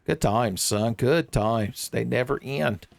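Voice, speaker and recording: A man giving casual, jokey let's-play commentary, rambling and breaking into excitable outbursts. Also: medium pitch, takes it slowly, creaky, no echo. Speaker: gaming streamer.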